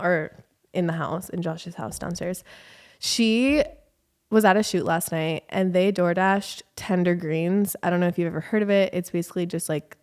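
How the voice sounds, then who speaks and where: A young woman from California, telling a rambling story in a casual vlog, animated and full of fillers. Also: lowish voice. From Southern California. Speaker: vlogger.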